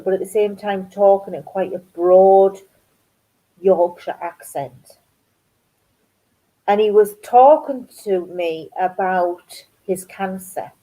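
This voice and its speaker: A middle-aged woman with a Geordie accent, telling funny stories in a casual chat on her craft channel, animated and amused. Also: fairly low pitch, rough recording. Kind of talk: casual chatty storytelling.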